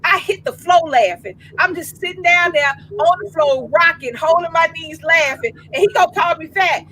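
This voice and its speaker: A woman in her fifties, co-hosting a casual chat and telling an animated comic story in slangy, laughing talk. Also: extremely high pitch, normal speed, low-quality recording. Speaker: co-host.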